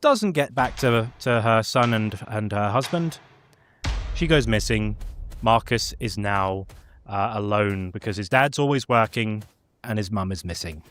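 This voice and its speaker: A man's voice: lowish voice, expressive, unhurried, fairly bright tone, a little hiss or hum. A man casually recapping a video game's story in a chatty way, with many fillers. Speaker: gaming lore presenter. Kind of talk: casual lore recap chat.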